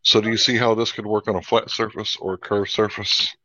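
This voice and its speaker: A man's voice: lowish voice, little pitch movement, brisk, bright, forceful tone, no echo. A man hosting a live stream, pressing his guest with pointed debate-style questions. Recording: dull lo-fi dry sound.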